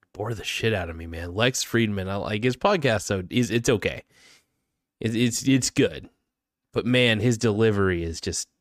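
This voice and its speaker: A man's voice: on the low side, no room sound, clean studio sound. A young man hosting his own podcast, rambling through a joking, self-mocking monologue full of fillers. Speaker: podcast host.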